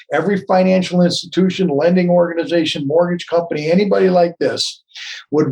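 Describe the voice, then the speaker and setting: A man's voice: a little high, a little mellow, rough recording. Man explaining tax rules as a guest. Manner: earnest, explains step by step. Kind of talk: explanatory interview talk.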